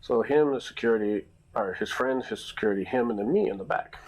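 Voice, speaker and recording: A man's voice: mid-range voice, sing-song, fast, a little mellow, low-quality recording. A man who runs security at a nightclub, telling a long casual story with lots of fillers and restarts. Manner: rambling, many fillers and restarts.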